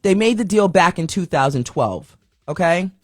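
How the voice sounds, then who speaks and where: A woman's voice: fairly low pitch, animated, normal speed, dry recording, clean studio sound. A woman hosting a podcast, casually running through celebrity news headlines in a chatty, slangy, self-mocking way, sometimes tripping over her words. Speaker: podcast host.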